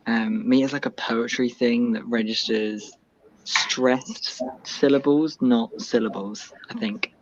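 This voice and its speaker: A man's voice: mid-range voice, steady tone, slow pace, highs cut off. A young man, a university student guest, chatting casually on a livestream and hedging his points. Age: young adult. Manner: hesitant, hedging with "I think".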